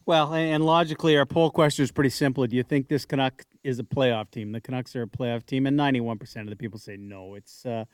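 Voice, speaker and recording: A man hosting sports talk radio, thinking out loud and asking questions conversationally. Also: mid-range voice, fairly even intonation, quick pace, few pauses, clean tone, no room sound, clean studio sound. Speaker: radio host.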